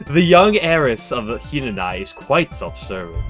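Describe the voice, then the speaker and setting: A man's voice: mid-range voice, big pitch swings, moderate pace, soft background music, natural voice. A man voicing a prim, formal female messenger who teases politely, in a game read-through. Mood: formal teasing. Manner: courtly, formal diction.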